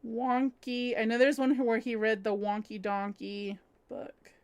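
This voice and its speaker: A woman's voice: fairly high pitch, level tone, measured pace, clear, resonant tone. A woman chatting casually on a home livestream while crocheting, giggling often and reading viewers' comments aloud. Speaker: livestream host.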